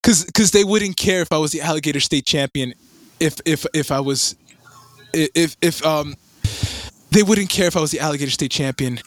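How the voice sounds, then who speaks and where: High-voiced young man telling a rambling story. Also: fairly quick. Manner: animated, swearing, many fillers and restarts. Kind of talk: casual storytelling chat.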